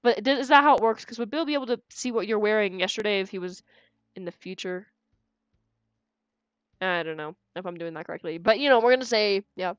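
Faint game music plays as a young woman streams a game, giggling and talking casually to her chat while she plays. She has a mid-range, clean-toned voice and speaks fairly quickly. There's no room sound, and the highs are cut off.

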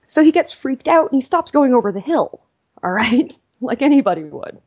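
A woman author, a podcast guest, telling a story in a lively, casual way. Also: high voice, fairly quick, lo-fi sound.

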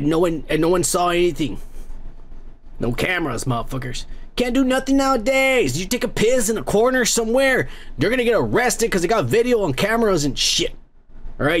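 Profane, lively comic podcast host. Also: male voice, high voice. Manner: profane, rambling, loud mocking asides. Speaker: podcast host reading comments. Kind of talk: crude comedic commentary.

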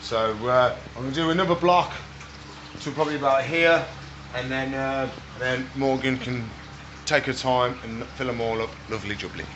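A man's voice: medium pitch, normal speed, lo-fi sound, noisy background. A man running a reptile shop vlog, chatting casually and baby-talking to the animals. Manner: playful, baby-talks to animals. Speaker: reptile shop owner and vlogger. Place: pet shop.

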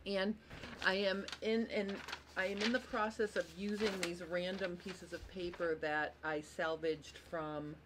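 A woman's voice: lowish voice, steady tone, measured pace, hardly any pauses, noisy background. Chatty woman teaching sewing live. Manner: chatty, apologetic, greets viewers by name. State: tired, yawning. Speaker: sewing instructor and host. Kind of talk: live-streamed sewing tutorial.

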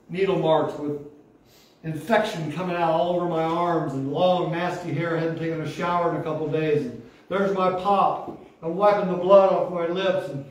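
A pastor in his sixties gives an emotional testimony sermon with fervent call-and-response, his voice fairly high-pitched with a darkish tone. It is recorded from far off in an echoey hall with faint noise.

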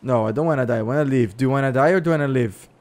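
A Brazilian man with a Brazilian Portuguese accent, excitedly chatting and shouting with other players during an online survival game. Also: medium pitch, racing. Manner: loud, excitable, shouts and laughs, switches between Portuguese and English. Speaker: gameplay streamer. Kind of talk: excited multiplayer game chat.

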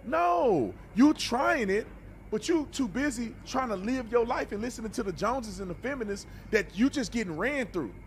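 A man's voice: very high-pitched, animated, moderate pace, slight background noise. A man hosting a reaction video, talking bluntly and animatedly in a preachy, casual way and often repeating words.

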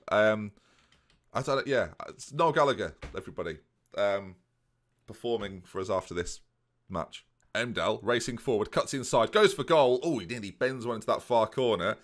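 A man's voice: medium pitch, a bit bright. A man giving playful, joking let's play commentary on a football management game and talking to his viewers. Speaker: gaming commentator.

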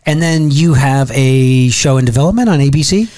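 A man's voice: medium pitch, moderate pace, darkish tone. A man hosting a podcast, asking questions in a casual, upbeat, enthusiastic way. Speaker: podcast host. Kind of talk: casual interview chat.

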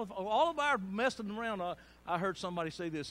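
A middle-aged man preaches a sermon. His voice sits high and swings widely in pitch as he storytells. It has a bright, forceful edge. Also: expressive, a little fast. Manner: storytelling with loud bursts and laughter.

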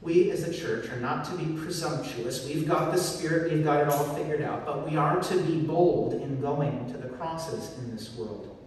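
A man's voice: on the high side, moderate pace, darkish tone, slight background noise. A man preaching a sermon with earnest emphasis, recorded on a phone in a church sanctuary. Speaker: pastor. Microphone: phone recording from the pews. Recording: echoey church hall from far off.

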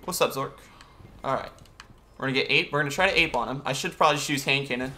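A man's voice: mid-range voice, fast, pushed and bright, slight background noise. A young man streaming a video game, chatting casually and greeting viewers and answering chat as he plays.

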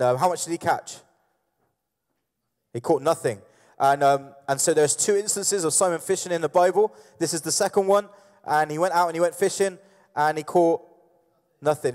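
A man preaching in a casual, conversational way, stumbling through fillers and restarts as he acts out the story. His voice sits a little high for a man. It carries a long reverb from the church hall. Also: darkish tone. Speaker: pastor. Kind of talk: sermon.

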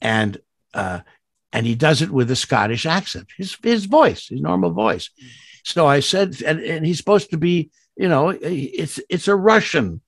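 A man's voice: lively intonation, measured pace, vocal fry, dry recording, clean studio sound. Older man telling rambling stories. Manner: rambling storyteller, many restarts and sudden high jumps. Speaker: guest voice actor. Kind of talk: casual interview chat.

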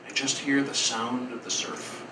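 A male storyteller tells a personal tale in an earnest, rambling way, pausing and restarting as he goes. He is heard from a distance in an echoing café, with a steady hum of noise around him. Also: mid-range voice. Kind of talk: live storytelling performance. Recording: roomy, distant, noisy live café.

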